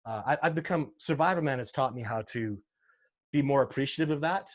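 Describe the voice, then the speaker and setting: Man guest, earnest and heartfelt, rambling storyteller with many restarts, mid-pitched. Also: a little fast. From Canada. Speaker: sasquatch researcher guest. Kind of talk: casual interview talk.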